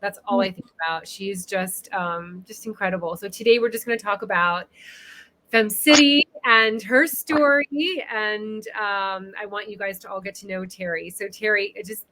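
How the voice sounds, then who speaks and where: A woman's voice: medium pitch, normal speed, bright, forceful tone, a little hiss or hum. A woman hosting a casual interview on a video call, gushing and emotional about her guest. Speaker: interview host.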